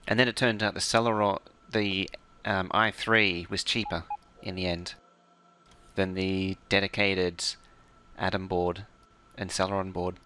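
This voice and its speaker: A man's voice: sits low, flat delivery, a little slow, bright, forceful tone, a little hiss or hum. A man casually commentating while he plays, muttering to himself and now and then making playful mouth sound effects. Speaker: game streamer. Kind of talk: casual live-stream commentary.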